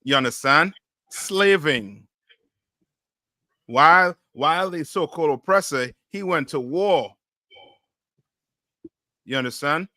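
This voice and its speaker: Bright-voiced man leading a class. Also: on the high side, expressive, takes it slowly, pauses often, no echo, studio quality. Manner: questioning, repeats "you know what I mean". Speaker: class teacher. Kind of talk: call-and-response class teaching.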